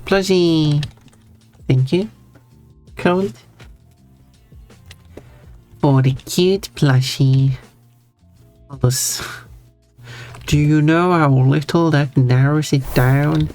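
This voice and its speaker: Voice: mid-range voice, very slow, long pauses, a little mellow. A streamer chatting casually while drawing, rambling with frequent stammers and restarts while answering chat messages. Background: faint background music.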